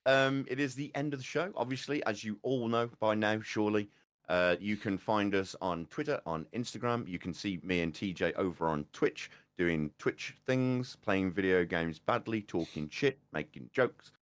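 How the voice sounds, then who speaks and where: A man's voice: on the low side, normal speed. A man co-hosting a podcast, rambling and joking through the sign-off with casual swearing. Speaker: podcast co-host.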